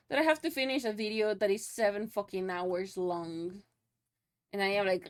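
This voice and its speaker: A woman's voice: mid-range voice, moderate pace. A young woman streaming live, chatting loosely with her viewers, laughing often and swearing casually.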